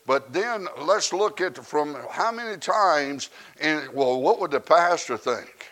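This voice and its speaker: A man, preaching a sermon that swings from quiet asides to loud shouted preaching. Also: fairly high pitch, lively intonation, slow pace.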